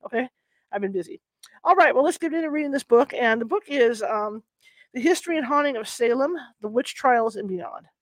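A woman hosting a channel, reading a historical book aloud with chatty asides and halting over old wording. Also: fairly high pitch, lively intonation, dry recording. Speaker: host of a paranormal reading channel.

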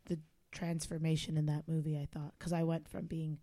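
A woman's voice: low-pitched, level tone, a little fast, warm tone, no room sound. Woman doing dramatic improv comedy. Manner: playing a vain, dramatic actress. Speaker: podcast cohost.

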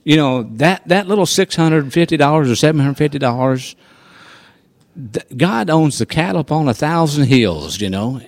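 A man telling a personal faith testimony in a folksy, animated storytelling manner. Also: fairly low pitch, no echo. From rural farming background. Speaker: guest sharing testimony.

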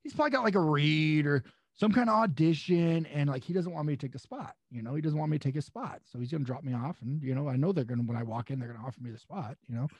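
A young man with a husky, slightly higher voice tells a story with animated energy. He slips into voices for the people he quotes. The sound is dry and close. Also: quick pace, hardly any pauses, no echo. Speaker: pro wrestler guest. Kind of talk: storytelling anecdote.

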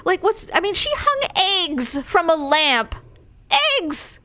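A woman co-hosting a casual chat about a TV show, animated and outspoken, swearing and acting out quotes. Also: very high-pitched, measured pace, dry recording.

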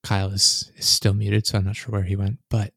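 Swearing, laid-back low-voiced podcast host. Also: male voice, completely flat delivery, a little fast, creaky, fairly bright tone, breathy edge, no echo, clean studio sound. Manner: rambling, swears often, laughs a lot. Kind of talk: casual gaming podcast chat.

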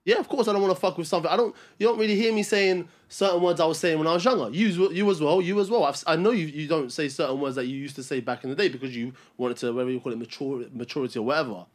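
A man's voice: a little high, very fast, hardly any pauses. A man, co-hosting a podcast and making his case in a casual debate, often stumbling and restarting his sentences. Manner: stumbling restarts when pressed. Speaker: podcast co-host.

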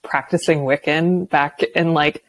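A woman's voice: sits low, fairly even intonation, a little slow, no echo. A young adult woman guest on a podcast, candid and loose, laughing often as she tells stories. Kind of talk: casual chat.

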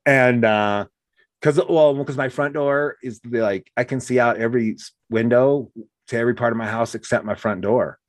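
A man's voice: medium pitch, normal speed, no room sound. A man talking casually as host, telling stories and acting out what people said. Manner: animated storyteller, acts out quotes. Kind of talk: casual conversation.

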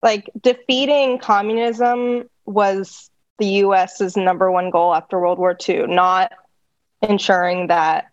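A woman's voice: medium pitch, fairly even intonation, slow, no echo. Sardonic chatty woman, slightly muffled. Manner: chatty and sardonic, filler-heavy. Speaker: podcast co-host. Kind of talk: casual chat.

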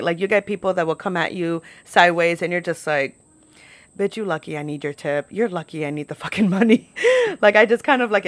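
A woman's voice: lowish voice, fairly bright tone, no echo. A young woman from New York telling stories in a casual, chatty monologue, full of "like" and casual swearing. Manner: chatty, peppered with "like", swears freely.

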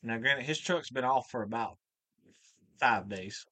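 A man with a bright, forceful voice tells a folksy, cussing shop story in easy conversation. The sound is dry and close to the mic. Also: mid-range voice, measured pace, no room sound. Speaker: mechanic guest. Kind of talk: casual storytelling chat.

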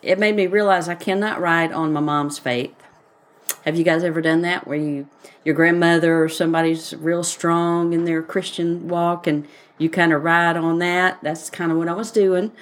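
Southern woman podcast host, relaxed rambling faith chat, sits a little low. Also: normal speed. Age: adult, grown daughter. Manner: rambling, personal storytelling with many fillers.

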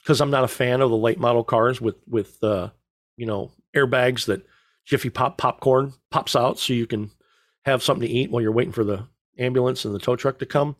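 A middle-aged man telling stories in casual chat as a podcast co-host, rambling and joking with a deadpan delivery. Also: mid-range voice, a little fast, dry recording, studio quality.

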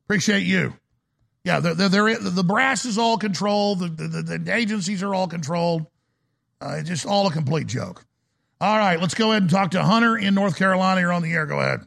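A man's voice: high voice, brisk, gravelly, fairly bright tone. A male talk radio host ranting through a call-in show, often stumbling and restarting words.

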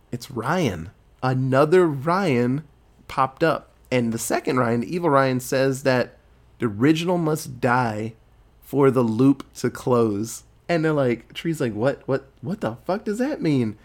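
A man casually retelling a movie plot in a lively, profane storytelling way. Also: mid-range voice. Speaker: movie recapper.

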